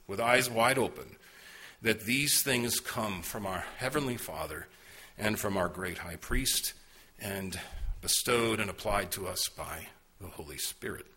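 Bright husky-voiced male preacher. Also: on the low side. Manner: earnest, storytelling preacher with rhetorical questions. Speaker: pastor. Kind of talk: sermon.

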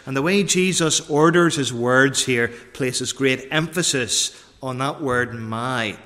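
A man preaching a sermon, deliberate and repeating key phrases for emphasis, recorded in a church. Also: mid-range voice, animated, sharp tone. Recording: long reverb of a large church.

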